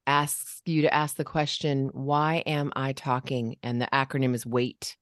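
A woman's voice: extremely low pitch, steady tone, measured pace, dry recording, studio quality. A woman in casual conversation, coaching parents and demonstrating ways of speaking.

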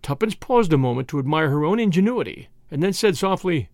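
Give me a male narrator for an audiobook. His reading is measured and his pitch moves a lot. The recording is dry, with no room sound. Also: very animated, a little mellow, no room sound. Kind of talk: scripted narration.

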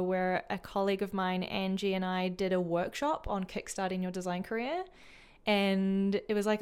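A woman's voice: medium pitch, smooth. A woman from New Zealand with a New Zealand accent, co-hosting a design podcast in upbeat, chatty conversation full of fillers. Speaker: podcast co-host. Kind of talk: casual chat.

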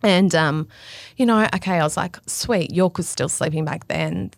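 A woman's voice: lowish voice, moderate pace, gravelly, no echo, studio quality. A woman, a fashion stylist chatting casually and acting out the people in her stories. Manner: animated storyteller acting out quotes. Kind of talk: casual podcast chat.

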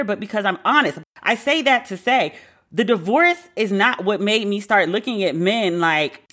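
A divorced woman hosting a podcast, telling a candid dating story with lots of swearing and acted-out quotes. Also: medium pitch. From Brooklyn. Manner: animated, profane, acts out quoted dialogue. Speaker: podcast host.

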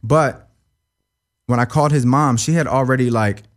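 A young man as an interview guest, talking emotionally in a halting, profane way that stumbles and repeats. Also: medium pitch.

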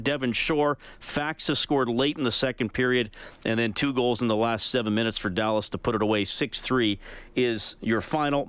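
A man's voice: mid-range voice, a bit bright, smooth, no echo. Man hosting sports talk radio. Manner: conversational, thinking aloud with restarts.

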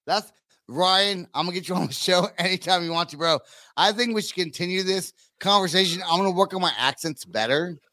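Man, podcast host, high bright voice, dry close sound, excitable, rambling, profane. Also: brisk, dry recording. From United States. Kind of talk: casual podcast chat.

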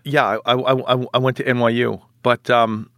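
Male actor guest, 40s, middle pitch, rambling and self-deprecating, close dry studio mic. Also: little pitch movement, moderate pace, fairly bright tone, no echo. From United States. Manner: rambling, self-mocking, many restarts. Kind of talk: casual podcast interview.

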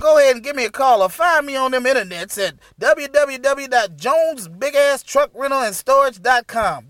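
A man voicing a drunk, folksy owner of a truck rental business in a spoof ad, rambling loudly in slang. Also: extremely high pitch, a little hiss or hum. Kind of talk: comedic spoof radio ad.

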